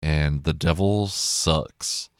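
A man's voice: extremely low pitch, very slow, smooth, no room sound, clean studio sound. A man chatting casually and rambling, with plenty of swearing and self-corrections.

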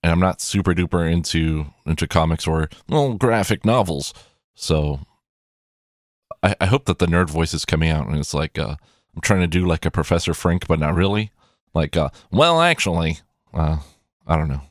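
A man's voice: low-pitched, normal speed, no room sound, clean studio sound. A man rambling through casual commentary on a film from his own collection, with many fillers and restarts. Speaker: movie collection reviewer.

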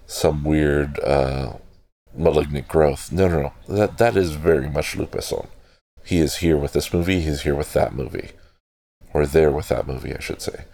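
Very deep gravelly man rambling about films. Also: mellow. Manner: digressive, swears casually, self-correcting. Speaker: podcast host reviewing a film. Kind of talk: casual rambling film commentary.

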